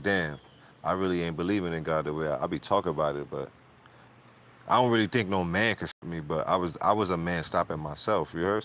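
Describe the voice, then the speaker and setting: A man chats casually on his livestream. He is laid-back, full of slang and giving shout-outs, and he repeats words as he goes. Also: low-pitched. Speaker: streamer and show host.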